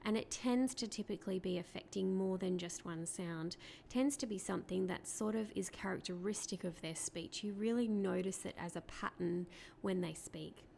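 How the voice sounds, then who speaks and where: A woman speech therapist gives parents a clear, patient teaching talk, posing rhetorical questions as she goes. Her pitch is medium, and there's slight background noise.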